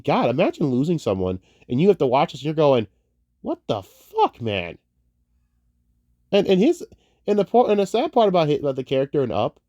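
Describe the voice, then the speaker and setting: A young man ranting casually about movies, profane and heated, wandering off on tangents and swinging between muttering and loud outbursts. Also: fairly high pitch, no room sound, studio quality. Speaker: online commentator.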